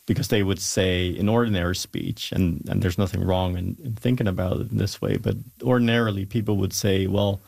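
A man's voice: low-pitched, steady tone, fairly quick, vocal fry, few pauses, darkish tone, dry recording. A man who is a scientist, giving an interview and explaining his research emphatically with asides. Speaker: scientist guest. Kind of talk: interview talk.

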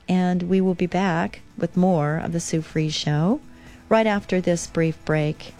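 A woman's voice: lowish voice, fairly even intonation, a little slow, mellow. A woman hosting a devotional talk radio show, reading aloud and speaking in an earnest, encouraging, conversational way.

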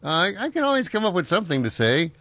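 A middle-aged man hosts a casual call-in radio show, rambling through stories with frequent chuckles. His voice is high, very animated, fast, and fairly bright, recorded on a studio microphone with no echo.

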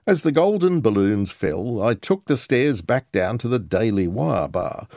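A man's voice: on the low side, very animated, measured pace, a little mellow, no echo, studio quality. A man narrating a scripted news report as a reporter, with wry, sardonic commentary.

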